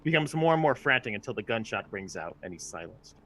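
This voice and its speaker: A man playing in a tabletop role-playing game, talking haltingly with many restarts. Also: lowish voice, very animated, sharp tone, slight background noise. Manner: halting, lots of restarts and fillers. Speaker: player. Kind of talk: casual tabletop play.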